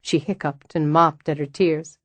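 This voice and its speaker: A woman narrating a novel as an audiobook reader, in a calm, measured way. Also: low voice, no echo. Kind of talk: scripted narration.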